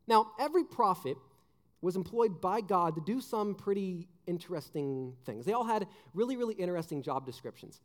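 A young man, a junior high pastor, giving a joking youth sermon full of stories, restarts and "like". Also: normal speed, big-room sound. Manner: animated, joking, many restarts and "like".

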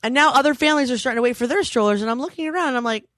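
High-voiced and a bit bright, a woman in her thirties talks very fast as she co-hosts a podcast. She's a chatty storyteller who swears freely, and the recording is dry and studio quality.

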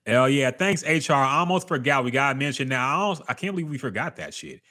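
A man's voice: mid-range voice, sing-song, fast talker, sharp tone. A man co-hosting a casual podcast, reacting to trailers and sports news with blunt, profane commentary. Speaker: podcast co-host.

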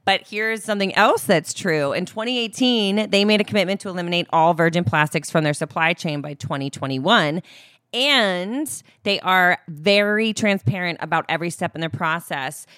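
Woman, lowish voice, breezy banter, dry sound. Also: moderate pace, a bit bright, no room sound. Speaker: podcast co-host. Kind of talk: casual ad read.

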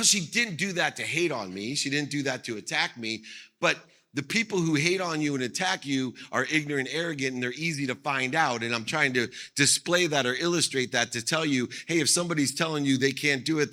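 A man's voice: medium pitch, sharp tone. Emphatic man giving a motivational keynote. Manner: emphatic, repeats phrases for effect. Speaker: motivational speaker. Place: on stage at an event.

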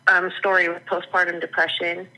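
A woman's voice: on the low side, level tone, fairly quick, sharp tone, low-quality recording. A woman who is a guest on the podcast, talking candidly and laughing often in a casual interview. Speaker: podcast guest, former coaching client.

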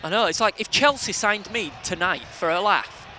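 A man, co-hosting a football fan podcast from the stands, excitable and quick to swear. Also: high-pitched. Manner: excitable, swears freely, shouts at the match. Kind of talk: casual football banter. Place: outdoors at a football match. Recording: outdoor noise at a match.

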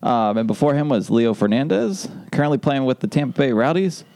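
A man's voice: mid-range voice, lively intonation, a little fast, darkish tone, no echo. A man co-hosting a casual podcast, rambling through his ideas and laughing at them. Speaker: podcast co-host.

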